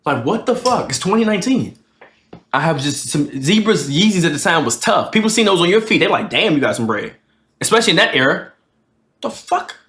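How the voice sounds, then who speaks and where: A man's voice: high voice, animated, fairly quick, a bit bright, echoey room. A man in his twenties, a streamer telling a profane storytime to his live chat and acting out both sides of an argument. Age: 20s.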